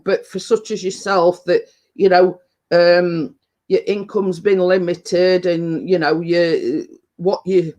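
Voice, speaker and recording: A British man chatting casually to viewers on a live stream, his voice pitched high for a man. He talks slowly and rambles, with many fillers, restarts and trailing thoughts, sometimes while chewing. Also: a little mellow. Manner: chatty, eats while talking. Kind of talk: casual chat.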